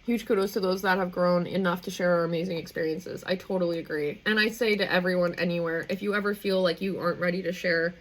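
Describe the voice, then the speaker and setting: A woman's voice: fairly low pitch, steady tone, fast, few pauses, rough recording. A young woman hosting a live stream, talking in an effusive, rambling, heartfelt way. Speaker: livestream host. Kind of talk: emotional live stream sign-off.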